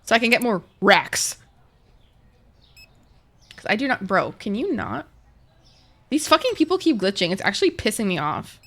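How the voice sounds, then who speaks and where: A woman's voice: medium pitch, sing-song, normal speed, long pauses, a bit bright. A woman streamer chatting casually and swearing a lot while playing a game and talking to her chat. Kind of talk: casual gaming livestream chat.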